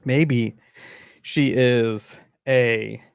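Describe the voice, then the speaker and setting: Male podcast co-host, mid-pitched, gravelly, easygoing and meandering. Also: steady tone, extremely slow, dry recording, clean studio sound. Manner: rambling, laid-back, trailing off often. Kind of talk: casual chat.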